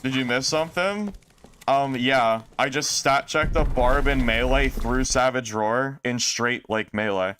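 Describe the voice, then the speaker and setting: A man streaming a game, talking casually and exclaiming often in excitement. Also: mid-range voice, a little slow, background noise.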